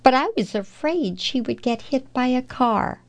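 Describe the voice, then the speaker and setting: A woman voicing an elderly, tender widow in a storybook read-aloud, with gentle, old-world phrasing. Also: on the low side, expressive, slow pace, creaky, exaggerated voice. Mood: distressed.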